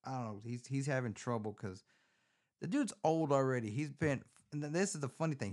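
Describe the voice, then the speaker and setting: A man hosting a podcast, recapping a film in a casual, profane, rambling way with animated storytelling, recorded on a phone. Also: mid-range voice, a little fast. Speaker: podcast host.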